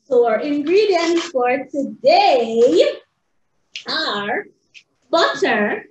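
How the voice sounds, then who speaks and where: A woman teaches small children in a high, sing-song voice that leaps all over, bursting with excitement. She takes her time between phrases. The recording is roomy and a little dull. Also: slow. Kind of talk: animated lesson for young children. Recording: roomy, slightly dull home video.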